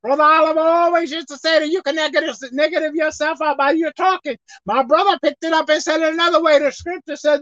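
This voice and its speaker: A woman preaching a sermon, emphatic, swinging between loud exhortation and quiet asides, slowing down to read scripture. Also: high voice, steady tone, no echo, muffled recording.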